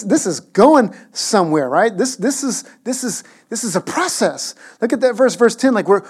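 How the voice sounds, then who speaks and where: Animated conversational male pastor. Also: sits high. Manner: animated, conversational preaching with playful asides. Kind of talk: sermon.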